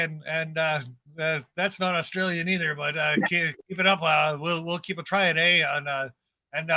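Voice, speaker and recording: A rowdy stuffed-toy mascot, put on by a man rambles loudly and tacks a fake Canadian "eh" onto his lines. The voice is bright and a little high, and the sound is dry and close. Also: dry recording, heavily acted. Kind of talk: live stream banter.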